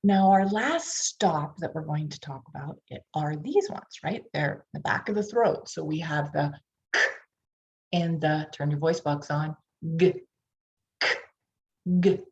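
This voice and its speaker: A woman's voice: low-pitched, animated, moderate pace, few pauses, darkish tone. A woman with a Pittsburgh accent, a reading specialist teaching tutors, sounding out phonemes and coaching listeners to repeat them. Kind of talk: tutor training lecture. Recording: dull lo-fi online session audio.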